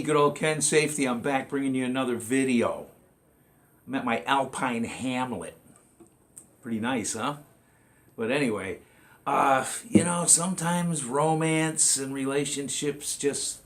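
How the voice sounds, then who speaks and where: A man's voice: medium pitch, a bit bright. A man telling jokes in a rambling, folksy way as a comedy vlogger, full of "you know" asides.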